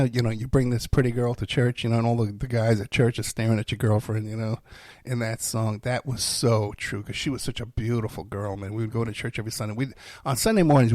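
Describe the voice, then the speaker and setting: A man's voice: fairly low pitch, darkish tone, no room sound, studio quality. A man telling personal stories in a rambling, casual way, laughing between lines and using many fillers. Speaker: storyteller. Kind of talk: casual storytelling.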